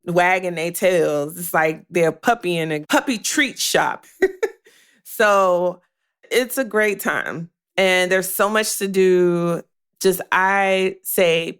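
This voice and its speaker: A woman hosts a career podcast, coaching her listeners in a blunt, animated monologue and swearing freely. Her voice sits in the mid range, a bit bright, with a clean tone.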